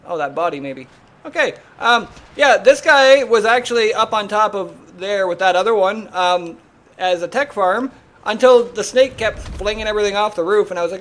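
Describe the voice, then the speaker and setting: High-voiced man frantically streaming a game. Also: animated, normal speed, a bit bright. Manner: frantic, exclaiming and urging; casual, says "dude" and "bro". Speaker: livestreamer. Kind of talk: live gameplay commentary.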